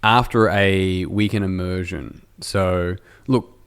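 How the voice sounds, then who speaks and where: An Australian man hosts a podcast in a casual, rambling conversational interview, correcting himself and joking with his guest. His voice is low and slow, with fairly even intonation and a slightly bright, clean tone.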